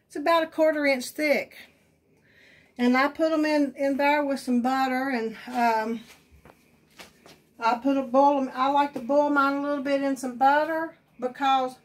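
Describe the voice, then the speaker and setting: Homey Appalachian cook, high voice, teasing and talkative, recorded from a few feet away. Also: female voice, far from the mic. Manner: chatty, rambling, teasing. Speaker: cooking show host. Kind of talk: casual cooking demonstration. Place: home kitchen.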